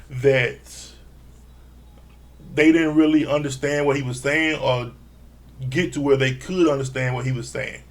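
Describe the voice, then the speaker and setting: A man with a gravelly, creaky voice pitched a bit higher than most men. He talks through a reality show recap in a loose, animated way, swearing as he goes and acting out what each person said. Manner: animated, profane, acts out quotes. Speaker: reality TV reviewer. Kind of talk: casual recap commentary.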